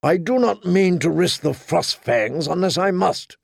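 A man playing a gruff old military commander who gives brusque, decisive orders. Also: high-pitched, expressive, unhurried, dry recording, studio quality, pitched above the performer's own voice, full character voice. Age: older.

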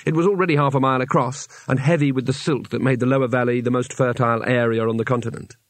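A man reading an audiobook aloud in a measured storytelling manner with wry timing. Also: medium pitch, fairly even intonation, no echo. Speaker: audiobook narrator. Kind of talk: scripted narration.

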